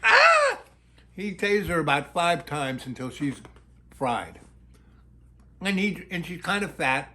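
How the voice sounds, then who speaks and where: A man's voice: on the high side, expressive, unhurried, long pauses, sharp tone. A middle-aged man telling a long story in a rambling way, full of fillers and restarts.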